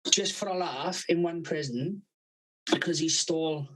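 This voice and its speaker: Sweary storytelling man, fairly high voice. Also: measured pace, fairly bright tone, rough recording. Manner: swears constantly, laughs at his own stories. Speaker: podcast co-host. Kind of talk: casual storytelling.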